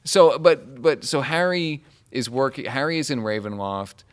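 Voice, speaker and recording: A man's voice: medium pitch, expressive, moderate pace. A man with a mid-range voice talks casually with a co-host. He rambles and restarts as he works through his thoughts. The tone stays conversational. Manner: rambling, thinking aloud with restarts. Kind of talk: casual chat.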